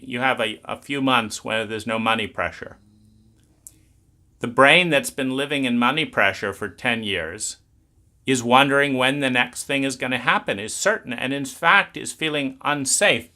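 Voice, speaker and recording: A man's voice: medium pitch, pushed and bright. A man explaining trauma in a blunt, emphatic talk, swearing freely. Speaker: trauma educator.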